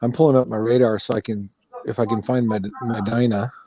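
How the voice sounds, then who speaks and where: A man's voice: mid-range voice, flat delivery, a little fast, a crowd in the background. A man chatting casually on a live stream, easygoing and joking. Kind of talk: casual chat.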